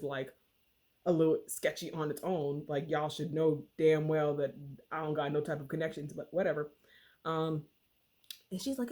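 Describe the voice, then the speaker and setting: A book reviewer with a deep, darkish-toned voice casually recaps a novel's plot. She keeps it slangy and chatty, packing in plenty of fillers.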